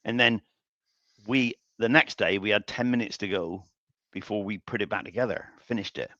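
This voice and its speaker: A man's voice: lowish voice, normal speed, pushed and bright, dry recording. An older man hosts a live woodturning stream, rambling through workshop anecdotes with chuckles and frequent restarts. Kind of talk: casual storytelling while working. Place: home workshop. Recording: dull lo-fi stream audio.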